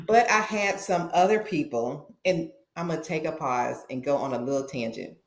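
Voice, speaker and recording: Animated woman storyteller, roomy echo. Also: low voice, moderate pace. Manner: animated, acts out dialogue in her stories. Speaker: podcast guest, therapist. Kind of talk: personal storytelling in an interview.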